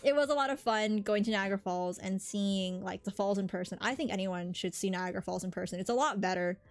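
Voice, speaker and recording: A woman's voice: medium pitch, quick pace. A woman from the American South with a slight Southern accent, chatting casually on a live stream as its host and answering her chat in a rambling way. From Southern United States.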